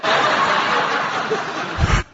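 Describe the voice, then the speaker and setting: A man draws out his words in a bright, forceful voice as he addresses a recovery meeting as its guest speaker. His personal recovery talk to the group is candid and self-deprecating, recorded dull and lo-fi in a meeting hall.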